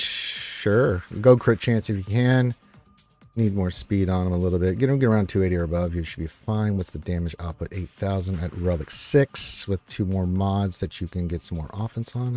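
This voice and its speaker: A man's voice: lowish voice, normal speed, a little mellow, soft background music. A man hosting a casual live stream, reading viewer comments aloud in an upbeat, rambling way with many fillers.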